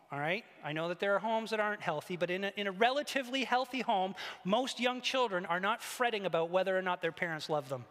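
A man preaching a sermon as pastor, animated, swinging between loud emphatic highs and hushed quiet lows. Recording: echoey church hall, long reverb.

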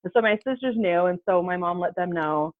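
A woman's voice: fairly low pitch, fairly quick, no room sound. A woman in her thirties, a podcast guest telling a personal story in casual talk, acting out the voices she quotes. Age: 30s. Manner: animated, acts out quoted voices. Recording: tinny phone-like line, dry.

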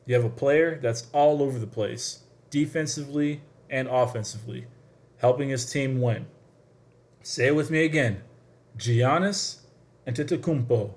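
A man giving a casual sports commentary all on his own, with a mid-range voice. He talks straight to his audience, chatty and emphatic, pressing his points home. It sounds like an informal sports talk show. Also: medium pitch. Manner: chatty, addresses listeners directly, emphatic. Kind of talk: solo sports talk monologue.

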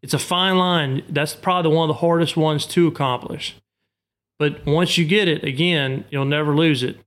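Man, Arkansas, duck call maker, explaining, fairly high voice. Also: steady tone, moderate pace, fairly bright tone. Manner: explains technique with homely comparisons, repeats himself. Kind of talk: instructional podcast talk.

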